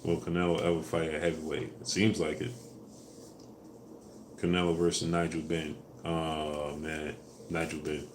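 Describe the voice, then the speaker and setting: A man hosting a casual live stream, answering viewers in a relaxed way with fillers, louder when asking for likes. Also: rumbling low, normal speed, long pauses, a little hiss or hum. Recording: echoey room with faint ambience.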